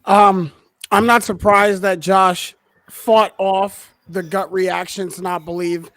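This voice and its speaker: A man's voice: high-pitched, flat delivery, takes it slowly, fairly bright tone, dry recording. A man making an assertive, argumentative case in a casual sports discussion. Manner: assertive, argumentative, some restarts. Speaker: podcast panelist playing a prosecutor.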